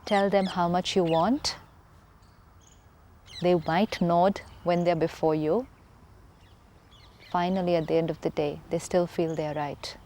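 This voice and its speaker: Mellow-voiced Indian woman teaching calmly. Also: fairly low pitch, unhurried, long pauses. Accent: Indian English. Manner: earnest and emphatic, repeats key phrases. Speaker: spiritual teacher. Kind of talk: calm spiritual talk show explanation.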